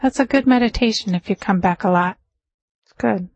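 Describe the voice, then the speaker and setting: Woman meditation teacher, dharma talk, chatty and laughing, mid-pitched, close and dry. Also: no echo, poor audio. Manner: chatty storytelling with laughs, slowing to a calm measured close.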